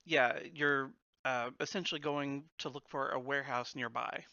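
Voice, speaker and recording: A man's voice: medium pitch, steady tone, normal speed, gravelly, bright, forceful tone, dry recording, muffled recording. A man narrating as the game master of a tabletop game, with a casual manner, laughing often.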